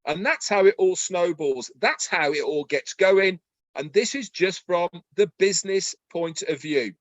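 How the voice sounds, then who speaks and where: Man, high voice, dry close sound, excited folksy webinar talk. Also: unhurried, no room sound, lo-fi sound. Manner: excited, folksy, rhetorical questions. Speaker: webinar co-host. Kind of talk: enthusiastic promotional webinar talk.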